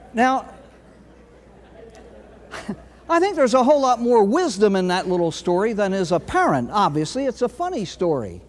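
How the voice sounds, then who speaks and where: A priest delivers a recovery talk packed with anecdotes, telling them dramatically with long pauses and sudden bursts of emphasis. His voice is very high-pitched, and a long hall reverb trails behind it.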